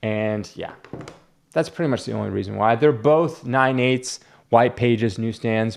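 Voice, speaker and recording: A man's voice: mid-range voice, creaky. A man running a comic book shop, chatting casually and rambling as he talks himself through each graded book. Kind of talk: casual unboxing chat.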